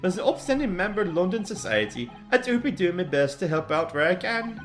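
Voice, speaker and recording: Woman doing pompous Irish gentleman, folksy brogue, low voice, lots of swoops. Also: very animated, brisk, soft background music. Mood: smug farewell. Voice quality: put-on lowered voice, folksy brogue.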